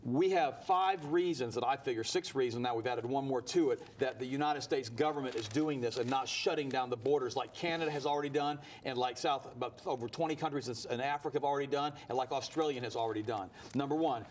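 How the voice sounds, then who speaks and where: A man's voice: mid-range voice, fast talker, slight background noise. A man as a guest on a studio talk show, talking heatedly and telling a story at speed. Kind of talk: animated talk-show interview.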